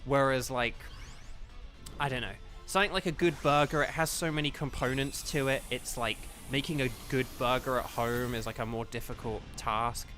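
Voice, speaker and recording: A man's voice: medium pitch, steady tone, normal speed, fairly bright tone, faint music behind. A man streaming a game, chatting casually with viewers in a rambling, thinking-aloud way. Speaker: streamer and voice actor. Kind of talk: casual live-stream chat while gaming.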